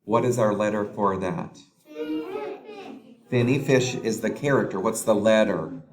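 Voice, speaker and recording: Patiently prompting young children, a man with a voice on the low side leads a phonics lesson, sounding out letters and words slowly.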